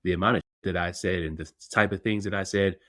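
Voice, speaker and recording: A man's voice: low voice, fairly even intonation, fast, fairly bright tone, no room sound, studio quality. A man co-hosting a sports podcast, a former football player talking through his own stories in laid-back casual chat.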